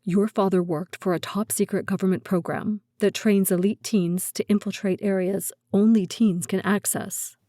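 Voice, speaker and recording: A cool, self-assured nineteen-year-old male spy recruiter, as a woman reads him in an audiobook, talking matter-of-factly with a mellow, warm tone. The sound is dry and close, with no room in it. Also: mid-range voice, fairly even intonation, moderate pace, hardly any pauses, no room sound, natural voice. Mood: calm. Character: calm, confident teen male spy recruiter. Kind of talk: audiobook character voice.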